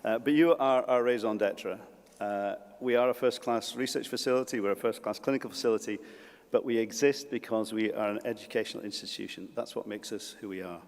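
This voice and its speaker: Low-voiced man speaking in a big hall. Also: fairly even intonation. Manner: humorous, anecdotal, with halting restarts. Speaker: college principal. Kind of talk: graduation ceremony speech. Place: large ceremony hall. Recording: long reverb of a large hall.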